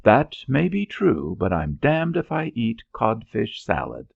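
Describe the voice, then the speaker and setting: A man's voice: medium pitch, wildly swooping pitch, unhurried, creaky, breathy edge, no echo, highs cut off, voice pushed up, exaggerated voice. A man voicing a stubborn young spy who answers curtly and defiantly. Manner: curt, defiant. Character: stubborn young male spy, blunt and cocky.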